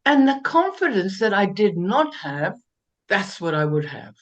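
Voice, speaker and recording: An older woman from South Africa, a guest telling lively, self-mocking stories with laughs and many restarts. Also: medium pitch, measured pace, highs cut off. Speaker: interview guest. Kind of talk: anecdotal storytelling interview.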